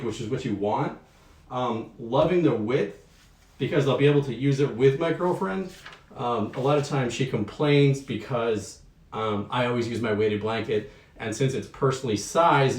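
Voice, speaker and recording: A young man from the Northeast US hosting a casual unboxing livestream, rambling with lots of ums and a little out of breath. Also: medium pitch. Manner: relaxed, rambling with many ums. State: sweaty and slightly out of breath. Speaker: livestream host. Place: bedroom at home. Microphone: camera mic across the room. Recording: echoey room, far from the mic.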